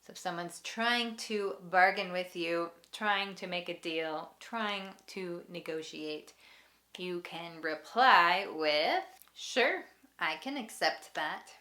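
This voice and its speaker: Slow, bright-voiced woman teaching English. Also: on the low side. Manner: slow, clear teaching delivery with example phrases repeated. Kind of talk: ESL lesson.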